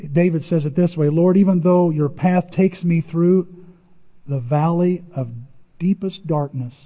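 A man preaching a sermon in a conversational, animated way, his voice rising for emphasis. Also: on the high side. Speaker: pastor. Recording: muffled sound in a reverberant hall.

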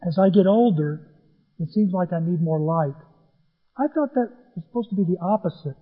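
High, husky man preaching. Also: normal speed. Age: middle-aged. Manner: animated, folksy storytelling with acted-out dialogue. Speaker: pastor. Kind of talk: storytelling sermon. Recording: muffled, echoey church hall.

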